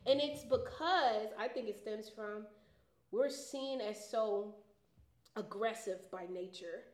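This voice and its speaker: A woman's voice: mid-range voice, slow pace. A young woman talking animatedly in a casual panel discussion, laughing often and mimicking voices. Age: young adult. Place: garage. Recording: echoey garage room.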